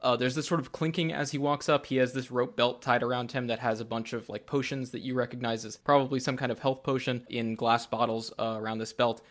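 A man narrating a tabletop role-playing game as game master, lively and playful. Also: medium pitch, brisk, few pauses. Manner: lively, acts out scenes with laughs.

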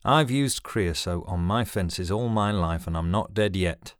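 A man's voice: low voice, measured pace, dry recording, clean studio sound. A man reading a story aloud, voicing a grumpy, stubborn old father who talks in a cantankerous, indignant way. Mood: grumbling.

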